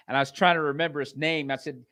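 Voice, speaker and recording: A man hosting an interview, enthusiastic and quick to agree with his guest. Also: a little high, fairly even intonation, sharp tone. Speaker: talk show host. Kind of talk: casual interview chat.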